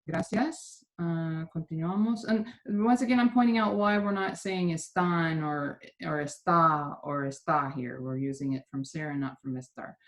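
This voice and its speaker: A woman with a slightly low voice teaches a language class over a video call. She explains the grammar patiently, repeats her points and corrects how her students pronounce words. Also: moderate pace, hardly any pauses. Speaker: Spanish teacher. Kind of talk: online class instruction.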